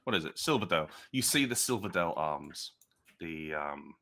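A man's voice: a bass voice, animated, normal speed, vocal fry, pushed and bright. A man narrating as game master of a tabletop game, rambling and chatty with many restarts.

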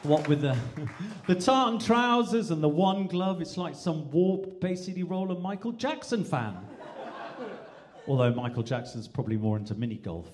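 A man from England performing stand-up live on stage, with a slightly high voice that swoops widely in pitch. His delivery is animated, and he keeps slipping in and out of mimicked accents. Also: normal speed, a little hiss or hum. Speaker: stand-up comedian. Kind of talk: stand-up comedy routine.

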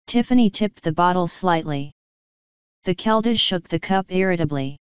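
A woman narrating a novel aloud in steady storytelling. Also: fairly low pitch, moderate pace, clean tone, no room sound. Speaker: audiobook narrator. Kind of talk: scripted narration. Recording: dull lo-fi audio.

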